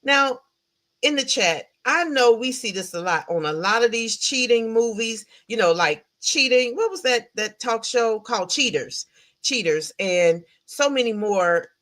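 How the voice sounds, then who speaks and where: Woman host, chatty film recap, animated, laughs often, asks chat questions. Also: on the high side, measured pace. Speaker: podcast host reviewing a film. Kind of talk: casual livestream film recap.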